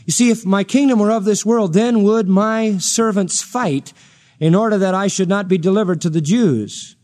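High-voiced preacher with dramatic sweeps. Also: male voice, normal speed, a little mellow. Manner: dramatic, acts out quoted voices with sweeping pitch. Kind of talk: expository sermon.

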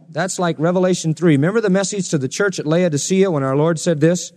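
A male pastor preaching an expository sermon, animated and jokey, slipping into mocking sarcastic voices. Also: on the high side, fairly quick. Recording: long reverb of a large hall.

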